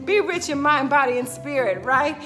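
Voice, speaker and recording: A woman's voice: sits high, expressive, normal speed, pushed and bright, faint music behind. A woman fitness instructor giving an upbeat, emphatic motivational talk on a live stream. She greets viewers by name, repeats her key phrases and keeps asking "right?".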